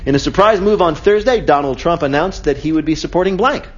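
A man's voice: a little high, expressive, brisk, dull audio. A man hosting a live comedy news quiz on radio, joking with a caller and slipping into mock voices. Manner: jokey, mock voices for laughs. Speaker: quiz show host. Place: auditorium with live audience.

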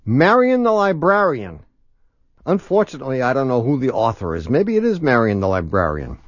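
A man's voice: mid-range voice, huge pitch swings, moderate pace, no echo, dull audio. A man co-hosting a radio show, teasing and laughing constantly as he jokes. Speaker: radio co-host. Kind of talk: joking radio banter.

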